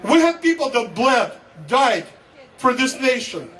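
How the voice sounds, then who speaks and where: Unhurried yet swinging widely in pitch, a very high-voiced Russian man from the Soviet Union fervently addresses an outdoor rally crowd as a guest speaker, repeating a slogan. The mic is distant, with loud crowd and noise.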